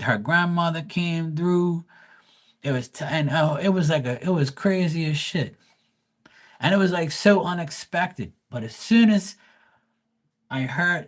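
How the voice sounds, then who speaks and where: A man, a psychic tarot reader on a livestream, telling a story in a loose, profane, rambling way with many restarts. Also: fairly high pitch. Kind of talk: casual storytelling.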